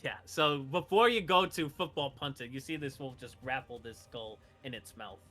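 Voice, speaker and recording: A man running a tabletop game as game master, relaxed and quick to laugh. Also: medium pitch, soft background music.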